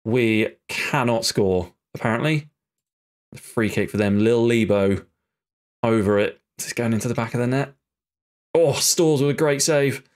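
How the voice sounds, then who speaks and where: A man's voice: medium pitch, a little slow. Exasperated man commentating a football sim. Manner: exasperated, muttering, swears when frustrated. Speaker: gaming YouTuber.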